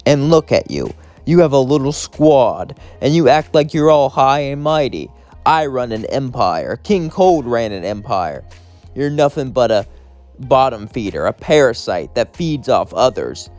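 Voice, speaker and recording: A man's voice: mid-range voice, a little mellow, close to an everyday voice. A man voicing a smug, cruel alien tyrant who taunts in a sneering, gloating way.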